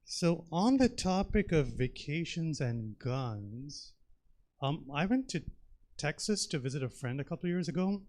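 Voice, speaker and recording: A man's voice: on the high side, big pitch swings, measured pace, a little mellow. A man from India doing a stand-up comedy set on a theater stage, talking in a chatty, rambling way with plenty of fillers.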